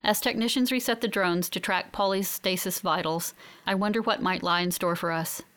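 A woman giving steady, reflective first-person audiobook narration. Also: mid-range voice, moderate pace.

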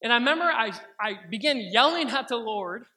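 A young man preaches a sermon built around a personal testimony. His voice sits high and sounds bright and forward. He tells the story earnestly and slows down when he quotes his prayers. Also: animated. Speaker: pastor.

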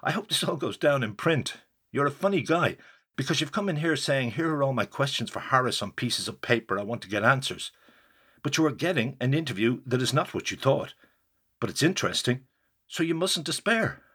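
A man's voice: mid-range voice, lively intonation, fairly quick, bright, forceful tone, breathy edge. A man doing a fiery, mocking older actor. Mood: roaring. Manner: roaring, mocking, emphatic.

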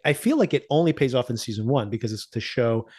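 A man's voice: mid-range voice, quick pace, husky. A man hosting a podcast, recapping a TV season in casual chat, laughing often and acting out the characters' lines. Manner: animated storyteller, laughs often, acts out quotes. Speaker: podcast host.

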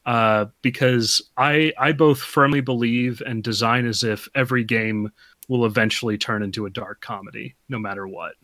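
A man's voice: mid-range voice, fairly even intonation, moderate pace, fairly bright tone, no echo. A man who designs games, chatting as a podcast guest, rambling a little and laughing often. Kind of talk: casual chat.

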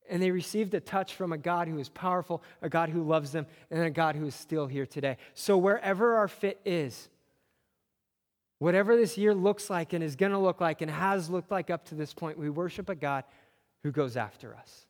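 A man's voice: fairly high pitch, moderate pace. A man preaching a sermon as a pastor, earnest, with repeated phrases that build on each other. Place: church sanctuary. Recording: long reverb of a church hall.

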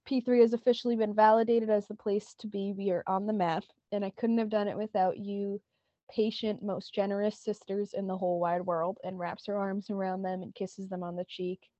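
A woman's voice: mid-range voice, level tone, a little fast, mellow, dry recording, muffled recording. A woman co-hosting a podcast, retelling a TV scene in casual chat and quoting lines with lots of "like". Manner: retells scenes with many "like" quotes. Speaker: podcast co-host.

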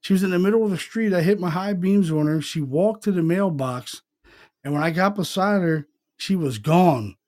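With a high, darkish voice at a normal pace, the middle-aged co-host tells a meandering ghost story on his podcast. The chat is casual and profane, and he acts out the conversations, retelling them as direct quotes.

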